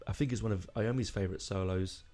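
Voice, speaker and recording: A man's voice: lowish voice, fast, darkish tone, soft background music. A man hosting a podcast, talking casually and emotionally, rambling with lots of fillers and restarts. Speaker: podcast host. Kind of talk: casual solo podcast talk.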